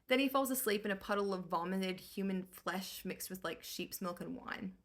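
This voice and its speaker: A woman's voice: mid-range voice, normal speed, few pauses. A young woman giving a comedic book recap in a breezy, slangy, irreverent way.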